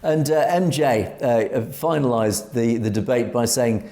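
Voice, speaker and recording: A man's voice: medium pitch, measured pace, warm tone. A man with an English accent co-hosting an opinionated commentary talk show, speaking emphatically, reading out viewer comments and often restarting his phrases. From Europe. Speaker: co-host.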